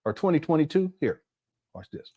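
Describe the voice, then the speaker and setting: A man's voice: a little high, sing-song, a little fast, dark tone. A man hosting reaction commentary on video clips, talking indignantly and straight to his viewers. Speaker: commentary channel host.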